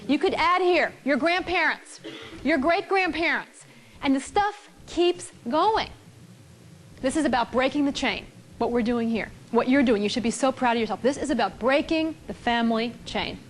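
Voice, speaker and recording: A woman leading a live relationship seminar, telling a story with animated delivery and putting questions to the audience. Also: sits high, moderate pace. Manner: animated storytelling, acting out both sides of a couple.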